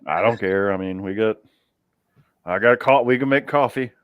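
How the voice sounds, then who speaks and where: A man's voice: fairly low pitch, moderate pace, clean tone, no room sound, phone-quality sound. A man hosting a live chat from his garage, easygoing, chuckling often and trailing off mid-sentence. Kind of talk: casual chat.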